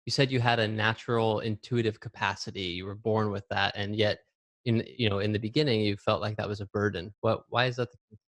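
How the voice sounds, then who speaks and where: A man's voice: on the low side, fairly even intonation, fairly quick, fairly bright tone, no room sound. A man hosting an interview, enthusiastic and affirming, reflecting back on what his guest says; he is a father of a young child. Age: adult, father of a young child. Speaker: interview host. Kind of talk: conversational interview.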